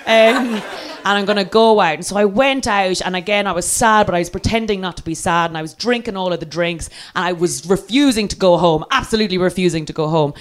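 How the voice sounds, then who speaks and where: Lively Irish woman telling a comic story. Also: medium pitch, fairly quick. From Ireland. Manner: lively and self-mocking, acts out quoted voices.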